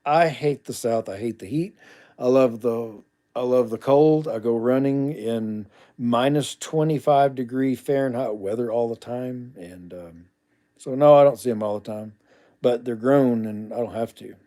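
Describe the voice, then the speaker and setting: A man's voice: mid-range voice, a little slow, mellow. A middle-aged man hosting a casual livestream, reading viewer comments aloud and answering them bluntly, with asides muttered under his breath.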